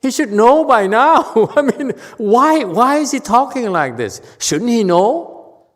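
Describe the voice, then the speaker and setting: A man's voice: very high voice, very animated, slow. A man giving a Buddhist dharma lecture, blunt and scolding, often checking whether listeners understand. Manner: blunt, scolding, repeats questions to the audience. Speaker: Buddhist monk teacher. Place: temple lecture hall. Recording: long hall reverb.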